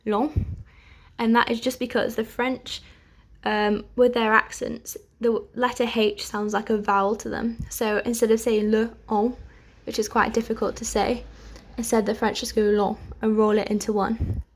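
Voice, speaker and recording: Young woman teaching a language class online, patient, leaves gaps so you can repeat, voice a bit on the high side. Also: level tone. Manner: patient, pauses for learners to repeat. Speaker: French teacher.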